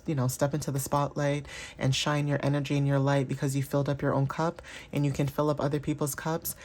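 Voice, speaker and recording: A woman's voice: deep voice, a little mellow. A woman giving a casual, chatty tarot reading, full of fillers and often checking in with her listeners. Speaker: tarot reader.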